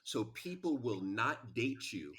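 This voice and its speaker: A man who is a relationship expert, a podcast guest in casual chat, animated and repeating words for emphasis. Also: medium pitch, takes it slowly, crowd noise.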